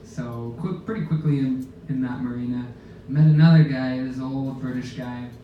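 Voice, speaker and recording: A man's voice: medium pitch, moderate pace, lo-fi sound. Man telling a story in an echoey room. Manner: animated, laughing as he tells it. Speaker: guest speaker telling a sailing story. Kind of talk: casual storytelling to a live audience. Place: lounge aboard a ship, indoors. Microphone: phone camera in the audience. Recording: very echoey room, distant mic, faint background noise.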